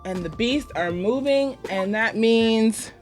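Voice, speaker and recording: A woman's voice: fairly high pitch, slow pace, soft background music. A woman with a Southern American accent co-hosting a podcast, teasing and laid-back in casual chat. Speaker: podcast co-host.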